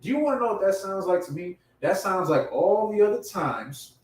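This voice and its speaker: A man preaching a sermon in casual slang, growing impassioned and loud at his emphatic peaks. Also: sits high, lively intonation, moderate pace. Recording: echoey room from far off.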